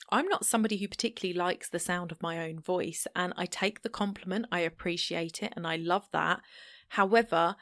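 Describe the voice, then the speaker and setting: A woman's voice: on the low side, gravelly, fairly bright tone, no room sound, studio quality. A woman hosting a solo podcast, talking straight to the listener in a chatty, encouraging way. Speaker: podcast host. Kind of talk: solo podcast advice talk.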